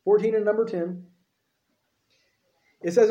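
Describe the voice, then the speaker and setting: A man's voice: high-pitched, fairly even intonation, normal speed, pauses often, dark tone, reverberant, lo-fi sound. A man preaching a sermon in a folksy, conversational way, with frequent asides to the congregation.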